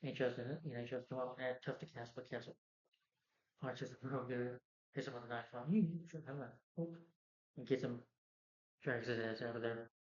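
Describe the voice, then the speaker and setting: Man, movie reviewer, loose rambling recap, mid-pitched voice, roomy dull lo-fi recording. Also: level tone, brisk. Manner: rambling, full of "you know" and "like". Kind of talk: casual plot recap.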